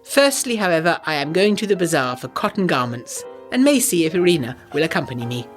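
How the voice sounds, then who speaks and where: A woman narrating a letter as a proper young lady scholar in a brisk, slightly anxious way. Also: low voice, sing-song, soft background music.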